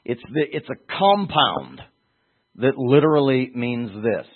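A man preaching a Bible-teaching sermon in a husky voice, talking conversationally and pressing points with rhetorical questions. The sound is thin and tinny, like a phone line. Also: medium pitch, sing-song, measured pace.

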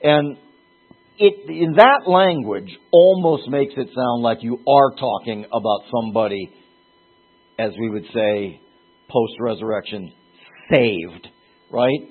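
Man, Bible teacher, conversational sermon, husky voice, phone-quality audio. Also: takes it slowly. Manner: conversational, rises in pitch and volume when stressing points.

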